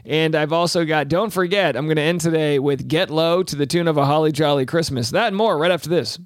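A man with a fairly high voice riffs through the day's headlines as a comic host. He jokes, rambles and corrects himself as he goes, recorded close on a dry mic. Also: a little fast, no room sound. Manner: joking asides, rambling and self-correcting. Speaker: comedy news show host. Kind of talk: comic news commentary.

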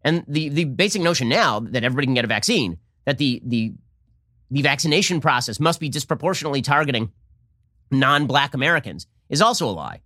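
A man's voice: medium pitch, animated, bright, forceful tone, dry recording, clean studio sound. A man hosting his own political commentary show, delivering a combative, sarcastic monologue. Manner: combative, sarcastic, rapid-fire. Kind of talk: opinion monologue.

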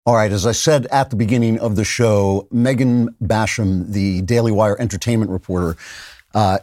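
A man's voice: lowish voice, a little mellow, dry recording, studio quality. A man hosting a podcast interview, talking in a chatty way and repeating words as he thinks aloud. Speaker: podcast host. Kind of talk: conversational interview.

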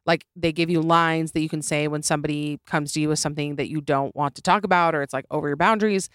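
A young woman hosts a comedy podcast, delivering a casual monologue in a low, steady voice at a fast clip. She's opinionated and sarcastic, laughs easily, and is recorded close in a small room with no echo.

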